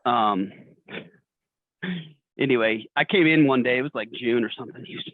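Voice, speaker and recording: A man's voice: mid-range voice, fairly quick, long pauses, dry recording. A man in a sales team telling a story on a video call, blunt and profane. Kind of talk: casual storytelling. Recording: tinny phone-like video call.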